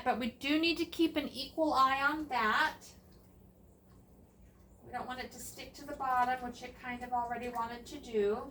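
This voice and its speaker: A woman's voice: sits high, bright, forceful tone. A middle-aged woman hosting a casual cooking vlog, chatting along with sassy asides as she works. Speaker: cooking channel host.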